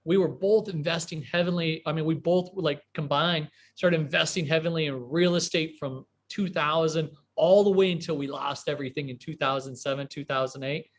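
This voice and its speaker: A man in his forties from a small Midwestern town, telling a rambling, animated story as an interview guest, full of fillers and restarts. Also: on the high side, moderate pace, hardly any pauses. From US Midwest, small town near Chicago. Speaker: guest entrepreneur.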